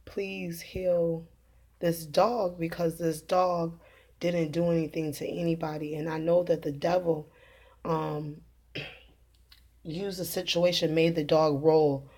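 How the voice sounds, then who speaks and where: A woman who talks in a rambling, earnest way, laughing often and filling pauses, as she tells viewers of her religious video channel about her day. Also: low voice, level tone, warm tone. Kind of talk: casual spoken testimony to camera.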